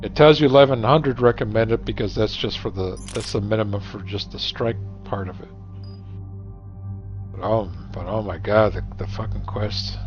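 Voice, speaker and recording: A man's voice: on the low side, normal speed. A middle-aged man chatting casually while gaming, rambling and profane, cracking jokes at his friends' expense. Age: 40s or 50s. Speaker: gamer streaming. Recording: dull lo-fi recording, faint music.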